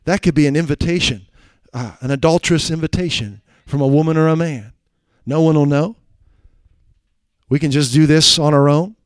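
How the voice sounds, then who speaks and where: A man preaching a sermon, swinging between loud, urgent exhortation and quiet asides, drawing out quoted scripture slowly for emphasis. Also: fairly high pitch, dry recording.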